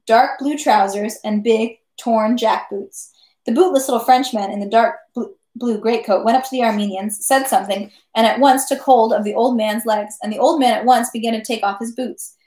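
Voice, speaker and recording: A woman reading a classic novel aloud at home, steady with occasional slips and self-corrections. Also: fairly high pitch, normal speed, roomy sound. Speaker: reader.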